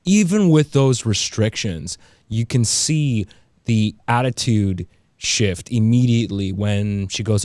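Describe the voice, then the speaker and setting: Low voiced guy on a podcast, thoughtful, kinda halting, dry close sound. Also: expressive, a little mellow, dry recording. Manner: thoughtful, hesitant, restarts words. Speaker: podcast co-host. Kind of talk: casual podcast discussion.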